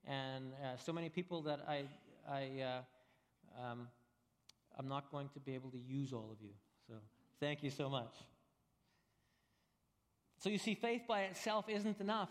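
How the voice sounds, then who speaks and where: A man's voice: on the high side, normal speed, big-room sound. A man preaching a sermon as pastor, earnest and emphatic with many repeated phrases.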